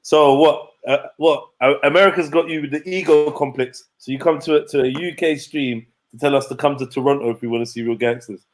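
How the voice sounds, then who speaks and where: A man's voice: medium pitch, fairly even intonation, a little fast, hardly any pauses, soft background music. A man hosting a stream, joking and mocking in casual slang. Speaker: stream host. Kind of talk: casual reaction commentary.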